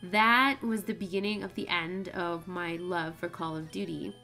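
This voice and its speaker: A woman's voice: on the low side, fairly even intonation, a little slow, pushed and bright, faint music behind. A young woman hosting a let's play, chatting casually and rambling off on tangents while she plays. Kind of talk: casual gameplay commentary.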